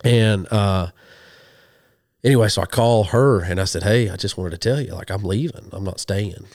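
A man, a podcast guest telling a hunting story in a casual, animated way and acting out the people he quotes. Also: on the low side, normal speed, no room sound, studio quality. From western Oklahoma. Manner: animated, acts out quoted voices. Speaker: guest, hunting show host and minister.

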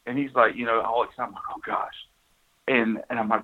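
A man's voice: mid-range voice, a little fast. Man rambling over a tinny line. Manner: rambling, many restarts and "you know"s. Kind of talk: casual storytelling chat.

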